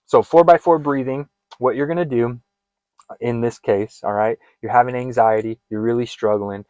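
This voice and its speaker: A man's voice: mid-range voice, steady tone, moderate pace, darkish tone, muffled recording. A man leads a guided breathing exercise, his voice sitting in a plain middle register. He speaks earnestly and directly to the listener, repeating each instruction. The recording is dry and close, with no room echo. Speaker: fitness and wellness coach.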